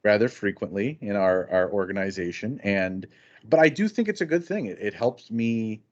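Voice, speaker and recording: A man's voice: on the low side, animated, normal speed. A man co-hosting a casual talk show, telling rambling anecdotes and acting out both sides of conversations. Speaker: podcast co-host. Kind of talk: casual chat. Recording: dull lo-fi sound.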